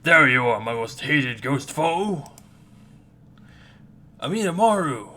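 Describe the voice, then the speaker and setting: A man voicing an ancient, fiercely loyal male guardian ghost who speaks in a loud, formal, bombastic way. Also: medium pitch, normal speed, close to an everyday voice. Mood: bellowing.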